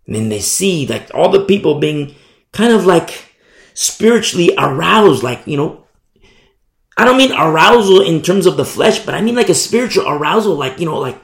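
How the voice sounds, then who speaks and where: A man preaching a sermon, animated storytelling that acts out the people in it. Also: on the high side, moderate pace, creaky, roomy sound. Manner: animated storytelling, acting out voices.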